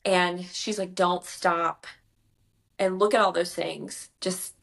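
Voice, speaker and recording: A woman's voice: fairly low pitch, steady tone, slow, vocal fry, fairly bright tone. A woman, a debut author chatting casually in an interview and retelling conversations with quoted voices.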